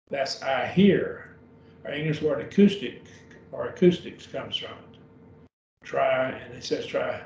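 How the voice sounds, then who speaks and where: Slowly and with patience, a man repeats each word for his beginner Greek students over a video call. His dark, mid-range voice carries vocal fry and lively intonation, and the recording comes across dull, roomy and distant, with faint hiss.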